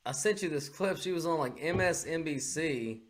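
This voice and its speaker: A man's voice: a little high, normal speed. A man co-hosting a casual podcast chat, blunt and mocking, swearing freely, on a podcast microphone. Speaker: podcast co-host.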